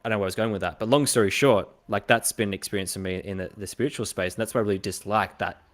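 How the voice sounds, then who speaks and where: A young man with an Australian accent talks on a casual podcast in a lowish voice. He tells his stories with energy and acts out the lines of other people as he goes. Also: steady tone, racing. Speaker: podcast host.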